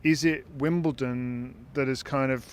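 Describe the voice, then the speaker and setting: A man's voice: mid-range voice, steady tone, a little slow, a little hiss or hum. A man hosting a podcast, talking things through in a casual, thoughtful way and often restarting his sentences as he searches for words. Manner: thoughtful, repeats words while searching for phrasing. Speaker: podcast host. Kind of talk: casual discussion.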